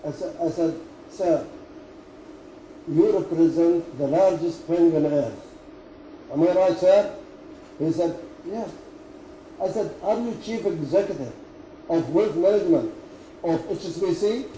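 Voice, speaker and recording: An older Emirati man, Arabic-speaking at heart, tells business stories in halting, chuckling English. His voice is very dark and mellow, picked up from a distance in an echoey room with faint background noise. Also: fairly high pitch. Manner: halting, chuckling storyteller in non-native English. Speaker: company chairman. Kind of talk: anecdote-telling at a business talk. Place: meeting room at company headquarters. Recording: roomy, from far off, faint noise.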